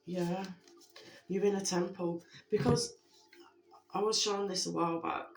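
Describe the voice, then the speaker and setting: A spiritual message giver speaking to viewers in a heartfelt way, gently repeating reassurances with many fillers. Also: medium pitch, fairly even intonation, unhurried, vocal fry. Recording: roomy echo with faint background music.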